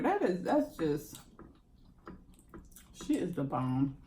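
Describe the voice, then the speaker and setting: Eating on camera for her mukbang channel, this Jacksonville, Florida host chats casually and laughs a lot. She has a low-sitting, darkish voice, and a little hiss or hum runs under the recording.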